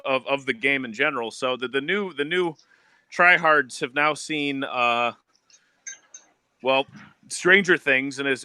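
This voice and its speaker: Bright smooth-voiced guy chatting on a stream, laughs a lot, swears, dry sound. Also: medium pitch, dry recording. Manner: laughing, loose, swears casually. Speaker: co-host. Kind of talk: casual stream chat.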